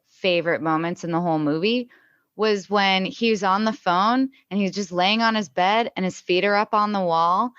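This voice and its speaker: Smooth low-voiced female co-host, dull sound. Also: fairly bright tone, no echo. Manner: thoughtful, slow and hesitant at times. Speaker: podcast co-host. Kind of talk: casual film discussion.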